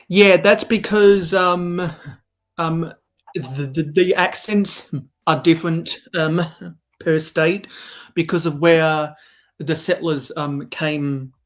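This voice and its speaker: A man's voice: on the high side, steady tone, slow pace. A man with a South Australian accent chatting as a guest on a community stream, hesitant and full of ums and restarts. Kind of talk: casual stream chat.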